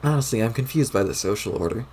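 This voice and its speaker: A man's voice: fairly low pitch, animated, fast talker, darkish tone, husky. A man voicing a stiff, haughty male troll aristocrat while reading a webcomic aloud, with overly formal wording.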